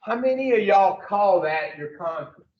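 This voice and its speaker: Guy running a recovery class, high voice, slow, swears and quizzes the room, sounds far off in an echoey room. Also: expressive. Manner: blunt, profane, quizzes the group. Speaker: addiction recovery group leader. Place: room with a group. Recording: roomy, distant, dull lo-fi.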